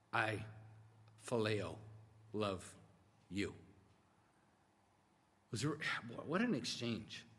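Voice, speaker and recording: A man giving a sermon in a large hall, and his voice rings out with a long reverb. He talks to the congregation in an earnest, conversational way and slows down to lean on the key words. His pitch sits in an ordinary middle range. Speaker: pastor.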